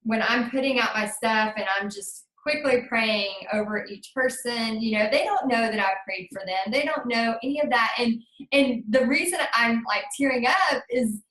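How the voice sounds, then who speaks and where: A woman with a fairly high voice hosts an interview and talks in an effusive, heartfelt way. Her voice carries a roomy echo from the space around her. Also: normal speed, few pauses, a bit bright. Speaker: podcast host. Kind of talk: conversational interview.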